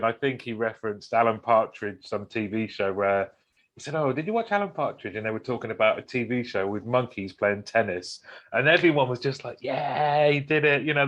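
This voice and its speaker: Male host, casual and encouraging, mid-pitch, dull remote recording. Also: a bit bright. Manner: supportive, frequent short agreements. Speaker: podcast host. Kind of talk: casual interview chat.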